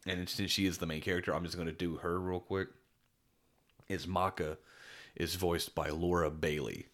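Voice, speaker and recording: Male podcast co-host, very low voice, rambling enthusiastic chat. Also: level tone, normal speed, a bit bright. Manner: rambling, enthusiastic, many restarts and fillers. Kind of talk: casual chat.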